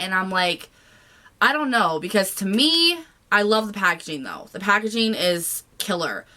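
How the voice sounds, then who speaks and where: A woman's voice: on the high side, sharp tone. A woman giving a casual, gushing makeup review to camera, chatty and full of fillers. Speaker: beauty vlogger.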